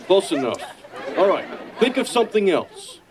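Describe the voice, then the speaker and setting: A man voicing a wisecracking male alien in a sitcom clip, making glib deadpan excuses, with audience laughter behind him. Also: sits high, moderate pace, crowd noise, noisy background. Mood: smug.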